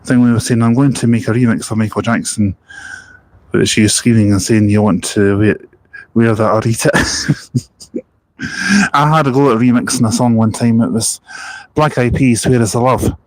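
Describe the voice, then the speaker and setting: A man's voice: mid-range voice, steady tone, moderate pace, pauses often, no room sound, rough recording. A Scottish man chatting casually on a bus-spotting live stream, reading out viewer comments in a jokey, rambling way. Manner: jokey, rambling, laughs at his own stories.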